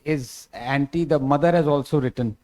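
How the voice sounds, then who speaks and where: A man's voice: medium pitch, moderate pace, warm tone. A man, moderating a panel conversation and politely apologizing as he cuts in with questions. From India.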